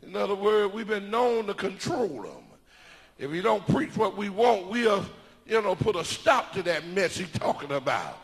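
High, shouting preacher man. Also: animated, normal speed, big-room sound. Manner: builds into shouted, sung preaching cadence. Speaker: bishop. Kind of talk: sermon.

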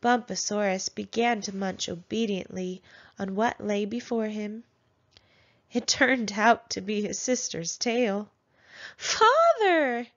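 A woman reading a children's picture book aloud with gentle, measured storytelling. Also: mid-range voice, steady tone. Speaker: storybook narrator. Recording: dull lo-fi sound.

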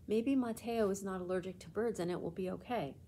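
A woman voicing an eager, upbeat young schoolgirl in a storybook, with a bright, eager delivery. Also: mid-range voice, brisk, slight background noise, lightly acted.

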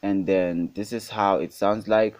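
A lowish, darkish voice with fairly even intonation belongs to a young adult from South Africa who hosts a casual screen-recorded beat-making tutorial, speaking a little slowly with no room sound. A beat plays underneath, and he repeatedly says guys and calls things super hot.

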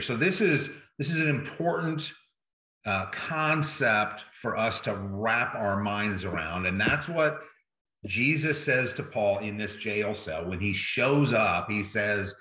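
A man's voice: fairly low pitch, a little slow, bright, forceful tone, roomy sound. A man preaching a sermon as a pastor, in a conversational way that keeps checking in with the listeners. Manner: conversational, checks in with "right?" and "okay?".

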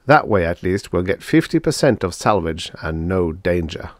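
A man's voice: low voice, sing-song, moderate pace, dry recording. A man voicing a thin, dry, sarcastic male space salvager.

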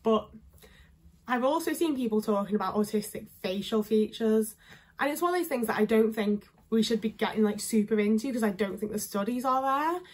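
A woman's voice: fairly high pitch, brisk, darkish tone. A young woman with a northern English accent chatting casually to camera, full of filler words. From England. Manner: chatty, lots of fillers, candid. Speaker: vlogger. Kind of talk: casual talking-head chat.

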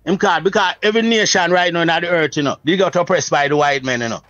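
Jamaican man, high voice, emphatic preacher, dry, muffled lo-fi sound. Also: fast, fairly bright tone, no echo. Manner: emphatic, preacherly, often asks "you see what I say?". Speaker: Rastafari priest, guest. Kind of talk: religious reasoning, casual talk.

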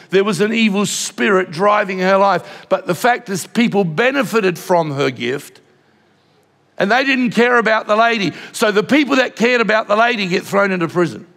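A man's voice: sits high, gravelly. An older man with an Australian accent preaching a passionate sermon as pastor of a church. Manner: passionate, drops to a hushed voice in tender moments. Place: large church auditorium. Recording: long hall reverb.

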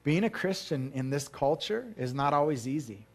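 A man's voice: fairly high pitch, animated, moderate pace. A male pastor preaching a sermon in a church, talking casually to the congregation, asking them questions and acting out the voices in his stories.

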